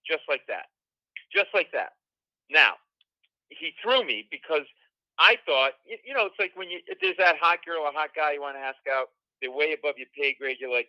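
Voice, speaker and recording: A man from Rhode Island, a comedian guest, telling an animated story with acted-out quotes on a talk show. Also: a little high, fairly quick, no room sound, lo-fi sound. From Rhode Island, USA.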